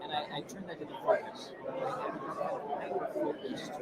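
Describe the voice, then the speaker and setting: A man, a boxing ring announcer, talking casually and reflectively as an interview guest. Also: unhurried. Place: busy media row outdoors. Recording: crowd noise behind. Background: loud crowd chatter.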